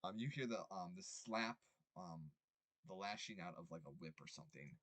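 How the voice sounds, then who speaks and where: A young man running a tabletop game as game master, rambling with many ums and quick apologies. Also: deep voice, expressive, fairly bright tone, no room sound.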